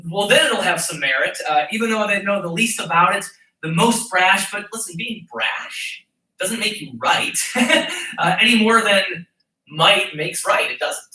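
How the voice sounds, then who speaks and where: Bright, high-pitched man preaching in an echoey church. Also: lively intonation, unhurried, far from the mic. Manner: emphatic, mocking put-on voices when quoting. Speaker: pastor. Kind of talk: sermon. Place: church sanctuary. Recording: echoey church hall, voice from off-mic.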